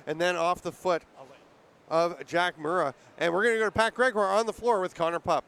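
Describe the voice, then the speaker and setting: A high-pitched male play-by-play announcer calling a lacrosse game from the booth. He talks through the rules in an easy explaining tone, then his voice leaps up when a shot rings off the post. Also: normal speed. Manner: excitable, rises sharply on big plays. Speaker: play-by-play commentator. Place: arena broadcast booth.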